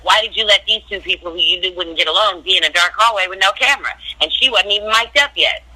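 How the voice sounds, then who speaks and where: A woman's voice: mid-range voice, quick pace, pushed and bright. A woman on a phone call telling blunt, profane stories in a casual interview. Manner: brash, profane, blunt storytelling. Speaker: reality TV guest.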